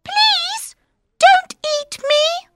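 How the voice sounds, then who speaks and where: Woman doing a squeaky tiny mouse. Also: drawn-out words, very noisy, exaggerated voice. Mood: pleading. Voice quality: very high squeak. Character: tiny squeaky male mouse, timid and grateful.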